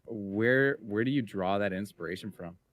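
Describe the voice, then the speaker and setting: A man hosting a casual podcast chat, asking questions with many pauses and fillers. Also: on the low side, dry recording. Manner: hesitant, lots of fillers.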